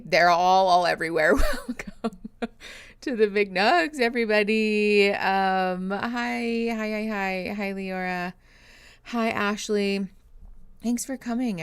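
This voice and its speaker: Chatty woman streamer, smooth dry voice. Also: mid-range voice, no echo. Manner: chatty, laughs often, greets viewers by name. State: tired and yawning. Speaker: therapist streaming reactions. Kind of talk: casual livestream chat reading comments.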